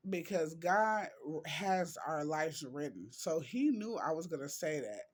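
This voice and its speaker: A man vlogging in an emotional, heartfelt way, reading quotes and talking slowly with drawn-out words. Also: on the high side, animated. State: emotional, near tears.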